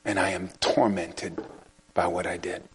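A man's voice: sits low, level tone, measured pace, fairly bright tone, slightly rough. A man preaching a sermon in a conversational, storytelling way, chuckling often. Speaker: pastor.

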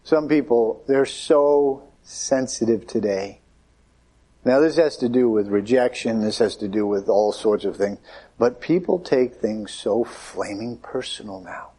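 A man's voice: medium pitch, unhurried, warm tone, husky. A man preaching a conversational sermon, acting out the voices of Bible figures.

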